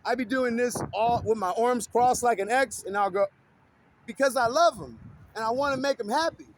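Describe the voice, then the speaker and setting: A man with a notably high voice talks straight to camera in a loose, rambling monologue, swearing freely as he goes. He laughs often, and a faint hiss of noise sits under his voice. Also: normal speed. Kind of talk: casual rambling vlog monologue.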